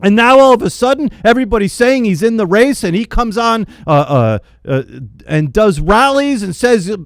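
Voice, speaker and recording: A man angrily venting in a spoken rant, yelling, repeating himself and stumbling over his words in frustration. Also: high voice, lively intonation, moderate pace, hardly any pauses, no echo. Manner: repeats phrases for emphasis. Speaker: political vlogger.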